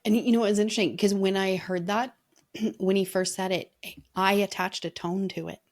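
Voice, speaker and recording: A woman's voice: medium pitch, fairly even intonation, moderate pace, a little mellow. A woman leadership coach talking in an earnest, reflective way, telling stories in a casual podcast conversation.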